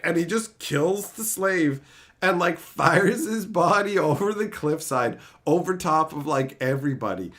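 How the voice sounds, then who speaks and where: Guy ranting on stream, pretty high voice, swears a ton, totally fed up. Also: expressive, moderate pace, fairly bright tone. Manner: profane, exasperated ranting. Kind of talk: casual rant.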